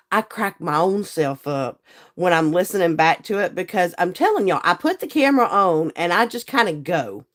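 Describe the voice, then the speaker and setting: A hoarse, croaky woman, hosting a live stream in folksy, chatty talk and greeting viewers by name. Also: on the low side. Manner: chatty, folksy, laughs often. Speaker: livestream host and seller.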